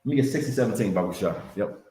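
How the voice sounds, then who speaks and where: A man's voice: fairly low pitch, animated, rapid-fire, mellow, slight background noise. A man teaching a Bible class in a preaching style, repeating himself and checking in with "you understand?" and "man.". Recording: roomy echo.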